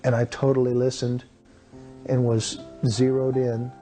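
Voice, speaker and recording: A man in his fifties, from Texas, tells his personal testimony in a mellow, warm voice, earnest and dramatic, and puts on the voices of the people he talks about. Soft music plays quietly behind him. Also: mid-range voice, completely flat delivery, a little slow. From Texas, USA. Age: 50s. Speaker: testimony speaker.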